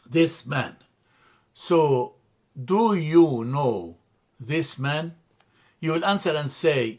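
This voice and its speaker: A man teaching a classroom grammar lesson in a slightly high voice. He talks at a very slow, careful pace and repeats key words for his students. He hesitates often and corrects himself as he goes. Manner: slow, methodical, spells out letters and repeats words; frequent hesitations and self-corrections. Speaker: language teacher.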